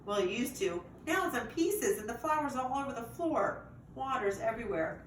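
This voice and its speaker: A woman reading a chapter book aloud to children in a lively way, pausing to ask the listeners questions. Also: on the high side. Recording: roomy echo, distant mic, faint noise.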